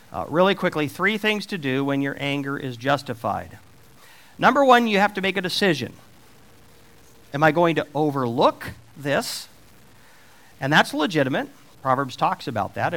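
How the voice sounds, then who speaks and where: A man's voice: fairly high pitch, fairly bright tone. A middle-aged man preaching a sermon, taking on God's voice for the scripture questions with rising emphasis.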